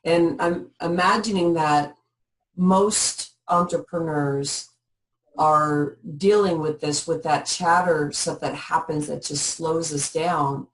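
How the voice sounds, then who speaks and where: A woman co-host musing aloud and asking the guest a long, thoughtful question. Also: sits low. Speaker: podcast co-host. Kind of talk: interview questions. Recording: voice a bit distant from the mic.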